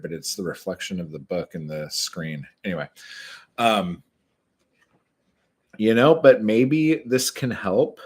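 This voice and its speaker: Guy with a real low voice reading his poems on a home stream, swears a lot, takes it slow. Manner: profane, chatty, slow deliberate reading. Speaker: poet reading his work on a livestream. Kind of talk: casual livestream chat and poetry reading. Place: dim room at home.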